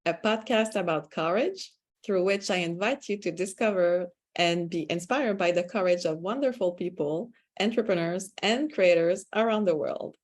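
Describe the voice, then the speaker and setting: A woman with a French Canadian accent hosting an interview podcast, speaking in a measured, reflective way with frequent pauses and ums. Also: fairly low pitch. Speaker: podcast host.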